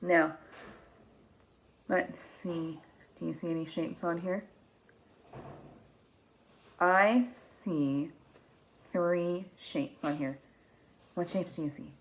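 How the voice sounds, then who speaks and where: A woman reads a picture book aloud to young children at an unhurried pace. She is animated and expressive, with frequent gasps and drawn-out words. She stops often to ask the children questions. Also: on the low side, a little hiss or hum. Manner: asks the children questions and pauses for them. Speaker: teacher reading a picture book.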